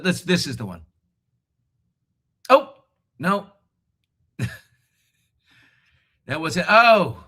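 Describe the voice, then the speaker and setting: A middle-aged man chatting on a live video call from a hotel room, joking and often laughing. His voice is bright and forward, with a casual, animated delivery. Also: mid-range voice. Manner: jokey, animated, laughs a lot. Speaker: host. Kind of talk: casual live show chat.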